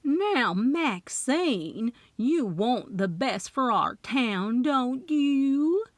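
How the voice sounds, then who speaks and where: A woman's voice: fairly high pitch, very animated, slow, a bit bright, no room sound, voice pushed up, exaggerated voice. A woman voicing a fussy Southern woman who directs a small-town play, full of syrupy charm. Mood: coaxing.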